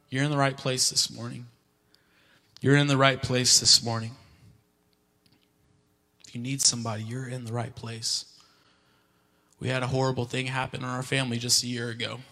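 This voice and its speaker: A man preaching with a gravelly, forceful voice set a little high, pressing his points through repetition and rising to fervent peaks. His words ring out with a long hall reverb in a church sanctuary. Soft music plays faintly behind him. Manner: fervent, repetitive preaching that swells to loud cries. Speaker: pastor. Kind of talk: impassioned sermon. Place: church sanctuary during a morning service.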